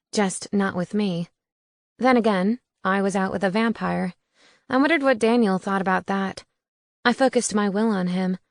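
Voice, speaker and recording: A woman's voice: medium pitch, no room sound. A woman narrating a first-person audiobook in a wry, conversational way on a close studio mic.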